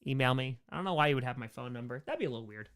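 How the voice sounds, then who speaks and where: A man's voice: medium pitch, lively intonation, very fast, a bit bright, clean tone. A man hosting a casual livestream Q&A, rambling and joking as he reads out and answers chat. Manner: rambling, jokey, answers chat names aloud. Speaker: streamer host answering chat.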